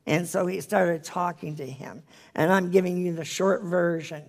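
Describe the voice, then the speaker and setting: A Bible study leader with a gravelly, creaky edge to a mid-pitched voice. They teach and pray with earnest, pleading conviction, sometimes sinking into a hushed near-whisper. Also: steady tone, normal speed. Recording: live-streamed group Bible study.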